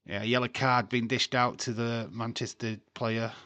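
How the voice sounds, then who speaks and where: Slow-talking man with crude humour. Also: mid-range voice, level tone, pushed and bright, no echo. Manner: crude, jokey, laughs often. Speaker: watchalong streamer. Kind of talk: casual live-stream chat and commentary.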